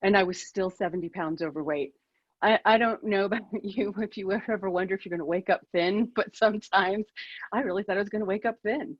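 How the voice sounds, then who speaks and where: A woman's voice: medium pitch, fairly quick, dry recording, dull audio. Candid woman telling her own story. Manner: candid, self-deprecating, with fillers and laughs. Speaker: keynote speaker. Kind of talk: personal storytelling talk. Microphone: video call.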